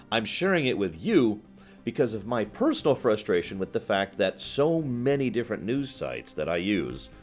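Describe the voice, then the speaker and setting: Deep-voiced man chatting on a livestream. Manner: chatty, rambling, answers viewer comments as he goes; laughs often at his own remarks. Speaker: livestream host. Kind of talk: casual livestream chat.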